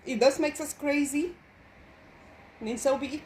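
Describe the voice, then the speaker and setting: A woman's voice: sits high, measured pace, darkish tone, slight background noise. A woman with a South African accent talking casually to her vlog audience at home, emphatic and repeating phrases for effect. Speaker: vlogger. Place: home kitchen.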